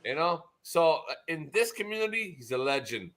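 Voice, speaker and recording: A man chatting on a live stream, telling stories with lots of swearing and acting out other people in loud, shouted quotes. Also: fairly high pitch, very animated, moderate pace. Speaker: live stream chat participant. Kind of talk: rowdy casual chat, profane.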